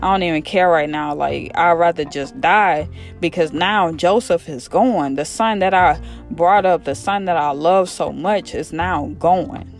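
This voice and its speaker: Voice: medium pitch, measured pace, soft background music, natural voice. A preacher acting out a grieving father who says he would rather die now that his son is gone. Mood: despairing. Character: grieving old father, despairing.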